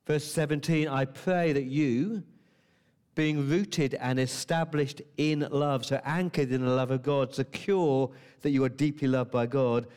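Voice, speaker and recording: An earnest male preacher delivers a sermon in a mid-pitched voice. He leans on repetition and puts rhetorical questions to his listeners. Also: steady tone, measured pace, darkish tone, clean tone.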